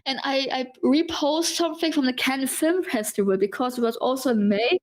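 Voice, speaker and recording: A woman with a high, light voice chats as a podcast guest. She talks haltingly, full of fillers and restarts, and laughs often. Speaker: podcast guest, fan page admin. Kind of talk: casual podcast chat.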